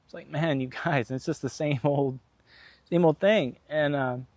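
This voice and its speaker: A man's voice: on the high side, fairly even intonation, a little slow, a little mellow, dry recording. A man vlogging in a casual, rambling storytelling monologue, frank and profane, full of fillers.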